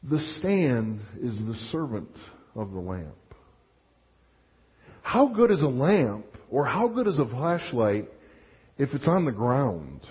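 A man's voice: medium pitch, takes it slowly, pauses often. Man preaching in an echoing church. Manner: animated preaching with dramatized asides and restarts. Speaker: pastor. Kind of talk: sermon. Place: church sanctuary. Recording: muffled sound with long hall reverb.

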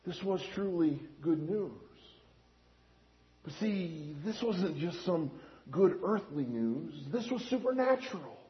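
A man preaching a sermon as pastor, asking rhetorical questions and swinging between quiet and loud. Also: high-pitched, slow, muffled recording. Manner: lively, rhetorical questions, animated swings in volume.

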